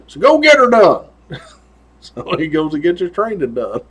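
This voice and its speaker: A man's voice: high voice, a bit bright, slightly rough. A man hosting a show, telling a story in a casual, profane, folksy way and laughing often. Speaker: host.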